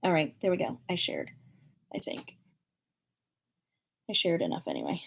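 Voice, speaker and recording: A woman's voice: fairly low pitch, wildly swooping pitch, fast, gravelly, husky. A woman in her thirties hosting a casual livestream from home, chatty and self-deprecating, laughing often as she talks to viewers. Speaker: livestream host.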